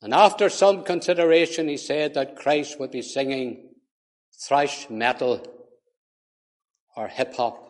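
A man preaching a sermon, slow and deliberate, swinging between quiet low passages and loud forceful emphasis. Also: animated. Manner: emphatic, rising to forceful peaks then dropping low. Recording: long hall reverb.

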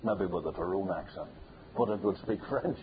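A man preaching a sermon, hammering points home through repetition and building to loud peaks. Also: low voice, normal speed. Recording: tinny phone-like sound with faint hiss.

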